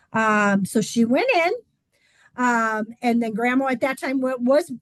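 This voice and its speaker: A woman's voice: on the high side, no echo, rough recording. A woman swim instructor giving a casual, chatty talk, with frequent "um" fillers.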